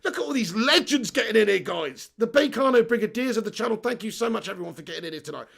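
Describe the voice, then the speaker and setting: Brief: high-pitched, gravelly man, live-stream host, animated and ranting. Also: fast talker. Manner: animated, ranting, laughs often. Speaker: host of a football fan channel. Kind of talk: live-stream chat, reading viewer comments.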